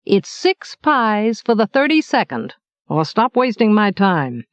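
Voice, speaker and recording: A woman's voice: mid-range voice, very animated, unhurried, no room sound, muffled recording. A woman voicing a middle-aged male baker journeyman, blunt, teasing and mock-stern.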